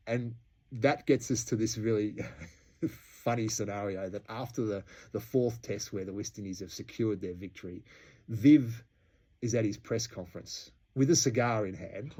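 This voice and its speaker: A man's voice: on the low side, warm tone. An Australian man hosting a history podcast, telling the story in a chatty way and laughing between points. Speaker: podcast host.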